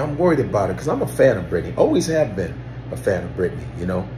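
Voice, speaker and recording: Animated, lively-voiced male comedian. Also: on the low side, fast. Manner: animated, exclaiming, loose and profane. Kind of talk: comedic monologue to camera. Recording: roomy echo, faint background hiss.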